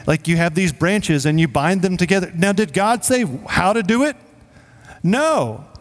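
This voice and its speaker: A man preaching a sermon as pastor, in a casual, joking way with quick asides to the congregation. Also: high-pitched, expressive. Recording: long reverb of a hall.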